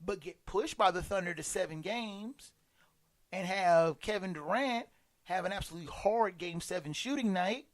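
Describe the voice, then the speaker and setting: A man's voice: sits high, moderate pace. A man delivering a sarcastic, emphatic sports commentary monologue, stumbling and restarting often.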